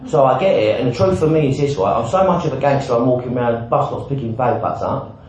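Blunt man in a booming hall. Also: fast talker, a little mellow, slight background noise. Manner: frank, blunt and self-mocking, with swearing and repeated "right?". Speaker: recovering alcoholic sharing his story. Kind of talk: personal recovery talk with self-mocking humour. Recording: very echoey, dull hall recording.

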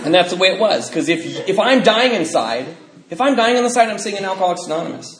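Animated man sharing his story, echoey room. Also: high-pitched, fast talker. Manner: animated storyteller who laughs as he talks. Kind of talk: personal testimony to an audience. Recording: echoey room with faint noise.

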